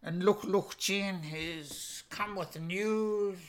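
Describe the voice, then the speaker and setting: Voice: medium pitch, fairly even intonation, very slow. A language teacher going through a vocabulary lesson, saying each word, repeating it and defining it with a string of English synonyms, in a plain, patient way. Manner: plain, patient explaining with soft asides and small laughs.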